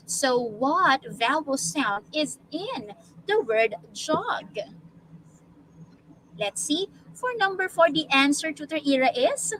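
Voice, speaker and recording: A Filipino-accented woman tutor with a high, bright voice, teaching at a slow, patient pace and stretching out each vowel. A faint hiss of background noise sits under her voice. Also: big pitch swings, low-quality recording. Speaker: online tutor. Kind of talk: classroom teaching.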